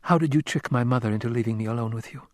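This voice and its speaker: A proud young nobleman, frightened but defiant, as a male narrator voices him. He speaks at a middling pitch and pushes back at his captor. The recording is dry and close. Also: very fast, darkish tone, no echo, natural voice.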